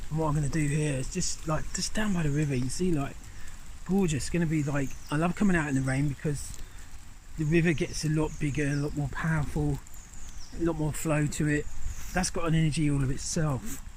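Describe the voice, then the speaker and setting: A middle-aged man filming himself in a rainy forest by a river, guiding viewers in a gentle, rambling, enthusiastic way. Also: fairly high pitch, fairly even intonation, a little fast, a little hiss or hum. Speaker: nature guide. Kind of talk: outdoor vlog instruction. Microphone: handheld camera.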